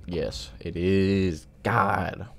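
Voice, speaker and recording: A man's voice: low-pitched, fairly even intonation, extremely slow, slight background noise. A man giving casual, muttered gameplay commentary, often swearing in frustration at the game. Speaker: gaming channel host. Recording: keyboard and mouse clicks behind.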